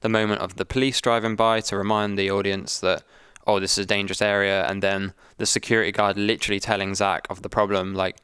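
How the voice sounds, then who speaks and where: Man, low steady voice, smooth and clear, dry close sound, relaxed explaining tone. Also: fast, hardly any pauses, dry recording. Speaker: video editor. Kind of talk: casual breakdown chat.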